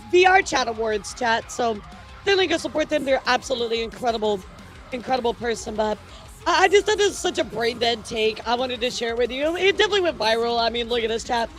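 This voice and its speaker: A woman streamer chatting casually through the news with her viewers, rambling and excitable, often stammering and swearing. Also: fairly high pitch, fast talker, soft background music.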